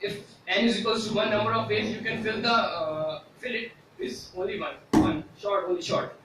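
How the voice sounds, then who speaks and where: A man with a fairly high voice gives a presentation, pausing often with "uh" as he explains. He is picked up from a distance in a very echoey room. A faint noise sits behind him. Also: fairly even intonation. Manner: hesitant, frequent "uh" fillers, explanatory. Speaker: student presenter. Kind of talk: classroom presentation.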